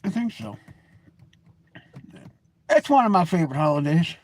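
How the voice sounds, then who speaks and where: An American man in his forties talks to camera while seated, using a webcam or phone camera for a rambling, humorous, blunt vlog. His fairly high, slightly mellow voice has big pitch swings, keeps a normal speed, and pauses often.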